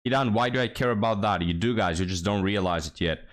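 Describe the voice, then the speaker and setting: A man's voice: on the low side, fast. A young man hosting a reaction commentary video, mocking and sarcastic as he talks to his viewers. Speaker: commentary channel host.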